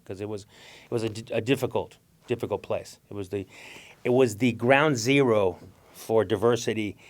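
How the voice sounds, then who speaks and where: Animated man telling stories. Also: fairly low pitch. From Mexican-American. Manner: animated, acts out voices and laughs often. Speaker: guest speaker. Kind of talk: storytelling talk.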